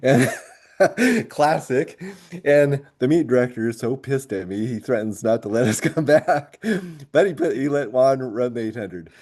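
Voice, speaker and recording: This former military kid, now a high school track coach and teacher, shares a coaching tale during a podcast interview, speaking a touch slowly. His warm, mellow voice rests at a middle pitch for a man. Animated and lively, he breaks into laughter again and again through the story.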